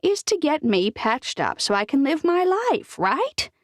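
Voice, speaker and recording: A woman's voice: high voice, big pitch swings, a little slow, no echo, studio quality, pitched above the performer's own voice. A woman narrator voicing a stubborn, feisty older woman in a hospital bed who talks bluntly and teases. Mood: defiant. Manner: bossy, blunt, teasing.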